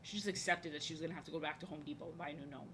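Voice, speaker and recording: A young New Jersey woman who streams and makes art speaks in a deep, fairly bright voice at a racing pace, her intonation fairly even. Drawing live, she chats casually and rambles with lots of fillers and restarts, frank and a touch crude. A little hiss or hum can be heard.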